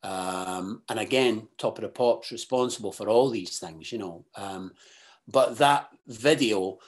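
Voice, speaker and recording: A Scottish man talking as a podcast guest, halting and full of restarts, then bursting into animated, sweary asides. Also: on the low side. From Scotland. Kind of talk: casual interview chat.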